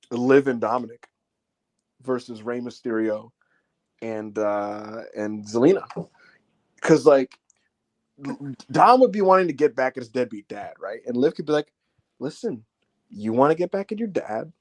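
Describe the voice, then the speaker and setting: A man co-hosting a wrestling review podcast, telling it animatedly, acting out quotes and swearing freely. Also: mid-range voice. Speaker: podcast co-host. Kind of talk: casual wrestling review chat.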